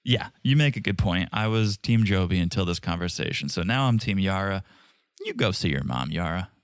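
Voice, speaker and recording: A man talks through a reality show episode with a sarcastic edge. His pitch swings widely as he mocks the people on screen. The recording is close and dry. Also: a little fast, dry recording. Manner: animated, sarcastic, mimics people with big pitch jumps. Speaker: podcast co-host. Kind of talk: casual recap chat.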